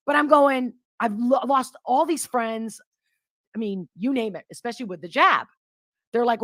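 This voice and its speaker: A woman's voice: sits high, normal speed, a bit bright, dry recording, clean studio sound. A woman interviewing a guest in casual conversation, who talks emphatically and acts out the voices of people she quotes. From grew up in Europe.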